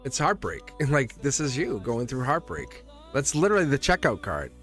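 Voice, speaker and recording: Over soft background music, a man does a relaxed live-stream tarot reading, laughing frequently between phrases as he talks in a chatty, emphatic and reassuring way. He has a mid-range, fairly bright voice whose pitch swoops wildly, at a moderate pace.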